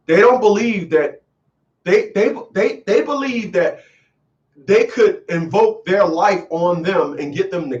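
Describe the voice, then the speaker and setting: A radio call-in host delivers preachy commentary, lecturing emphatically and repeating lines for effect. His voice is fairly high, and the recording is lo-fi with a distant mic.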